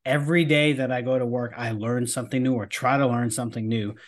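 A man's voice: medium pitch, fairly even intonation, fast. Earnest firefighter host, man. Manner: earnest, emphatic, swears casually. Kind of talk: casual podcast conversation.

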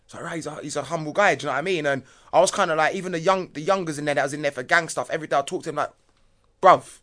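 A middle-aged man, a podcast guest telling stories in an animated, slangy way and laughing often. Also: fairly high pitch, rapid-fire. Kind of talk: casual storytelling chat.

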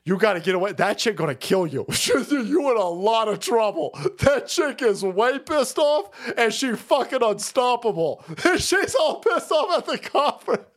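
Man, livestream host, crude rambling rant, high voice, lots of laughing, very animated pitch. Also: unhurried, hardly any pauses. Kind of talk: profane ranting commentary.

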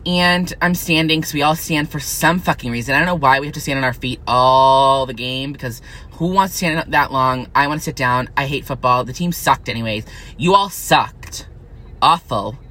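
A young man in college, venting in a profane, angry, unfiltered rant to camera that swings into high, shrill outbursts. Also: expressive, normal speed, sharp tone. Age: young adult. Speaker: vlogger.

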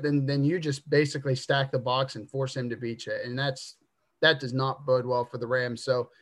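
A man's voice: medium pitch, a bit bright. A man co-hosting a casual sports podcast, rambling through his takes with lots of stammered restarts. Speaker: podcast co-host.

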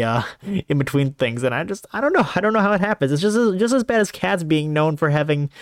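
Rambling man with a dry sound. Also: dry recording. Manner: meandering, many fillers and restarts, animated pitch jumps. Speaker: podcast host. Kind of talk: casual rambling monologue.

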